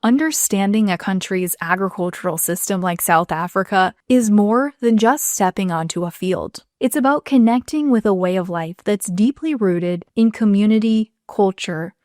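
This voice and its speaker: A woman narrating a podcast segment in a smooth, measured, scripted read. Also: medium pitch, darkish tone, no echo, studio quality. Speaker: narrator host.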